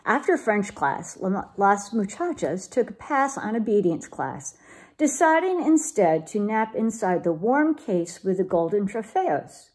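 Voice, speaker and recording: A woman reads a children's storybook aloud with a lively, expressive lilt. Her pitch moves a lot. Her voice has a light husk. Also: measured pace, husky. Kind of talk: reading a picture book aloud.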